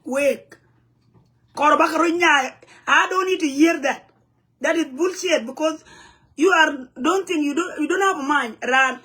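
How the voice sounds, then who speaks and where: South sudanese woman, high voice, angry rant to camera in broken english. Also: a little slow, pushed and bright. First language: Nuer. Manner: heated, blunt, broken English mixed with Nuer phrases. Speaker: community vlogger. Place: home in the U.S.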